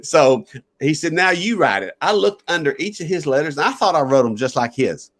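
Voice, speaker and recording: A man's voice: on the high side, lively intonation, fairly quick, slight background noise. A man who is a pastor, earnestly telling a personal story in an interview and chuckling at times.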